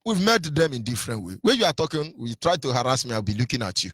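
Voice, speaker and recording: A man's voice: medium pitch, big pitch swings, quick pace, a bit bright, dry recording. A man with a Nigerian accent giving a fiery political sermon on radio, asking rhetorical questions and half-singing some phrases. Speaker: activist radio speaker.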